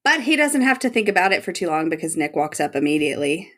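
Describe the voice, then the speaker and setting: A woman co-hosting a podcast, recapping a TV episode in casual chat, animated and laughing often. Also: fairly low pitch, fast. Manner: animated, laughs often, reads out her notes. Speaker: podcast co-host.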